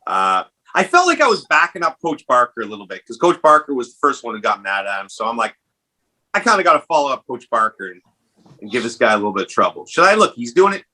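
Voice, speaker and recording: A man hosting a casual podcast chat, telling a story animatedly and jumping up in pitch when acting out quotes. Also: sing-song, fast, pushed and bright, rough recording. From Canada. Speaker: podcast host.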